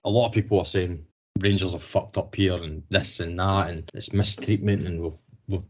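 A man's voice: deep voice, fairly even intonation, moderate pace. A Scottish man co-hosting a football podcast, talking casually, swearing freely and restarting to stress his points. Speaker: podcast co-host. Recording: slightly dull lo-fi podcast audio.

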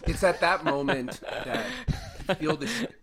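A man narrating as game master of a tabletop game, halting and repeating words as he goes. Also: on the high side, lively intonation, crowd noise.

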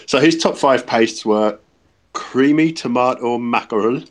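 Man, deadpan quiz-giver, halting, lots of ums, casual podcast banter. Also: medium pitch. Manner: deadpan, hesitant with many ums. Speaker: podcast co-host. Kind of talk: casual comedy chat.

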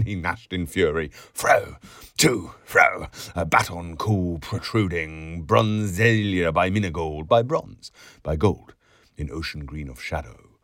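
A man's voice: deep voice, measured pace, no room sound, studio quality. A man reading a novel aloud, lyrical and theatrical, dropping to whispers and rising to bursts. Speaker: audiobook reader.

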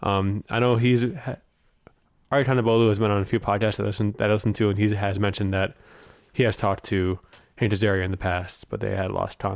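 A man's voice: lowish voice, level tone, fast, gravelly, dry recording. A man co-hosting a podcast, talking in a wry, conversational way. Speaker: podcast co-host. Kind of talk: casual chat.

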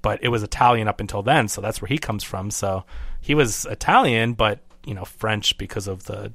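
A man's voice: on the low side, moderate pace, a bit bright, husky, dry recording. A man chatting casually about a movie, rambling and acting out quotes in funny voices. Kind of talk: casual chat.

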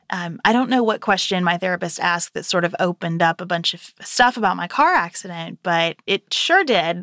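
A woman in her thirties, a podcast co-host, telling a family story in casual chat and lively quoting her child. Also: fairly low pitch, no room sound, studio quality.

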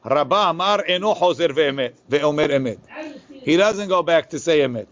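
A man teaching a Talmud class, reading the source text quickly and then explaining it in a casual way. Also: a little high, lively intonation, fairly bright tone. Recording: lo-fi, muffled recording.

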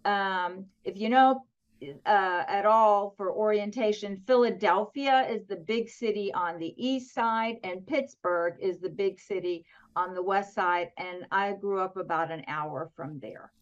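A woman's voice: mid-range voice, a little slow, muffled recording. A middle-aged woman from Pennsylvania, chatting with humor and frequent laughs as an interview guest over a video call. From southwestern Pennsylvania, US. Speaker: author and guest. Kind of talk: casual interview chat.

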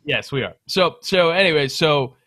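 A young man with a bright, forceful voice tells a story in a loose, rambling way, full of swearing and filler words. His delivery is casual and animated, the tone of a podcast chat between friends. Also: a little high, moderate pace. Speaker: guest telling a story.

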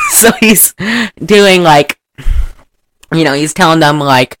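A woman's voice: sits low, takes it slowly, pauses often, no echo. A woman hosting a casual chat, rambling through a film recap and slipping into mock voices. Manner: rambling and animated, breaks into loud laughter and mock accents. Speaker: podcast host recapping a film.

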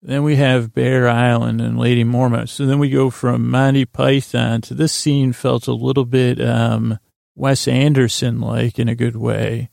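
A man's voice: mid-range voice, level tone, measured pace, gravelly, a little mellow, dry recording, studio quality. A man casually recapping a TV episode in a meandering way, full of fillers and restarts. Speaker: podcast host recapping a TV episode.

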